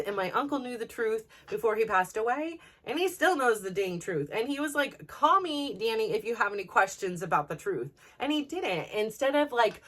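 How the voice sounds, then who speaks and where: A woman's voice: a little high, a bit bright. A woman in her forties, hosting a podcast, venting in a rambling personal monologue full of fillers. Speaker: podcast host.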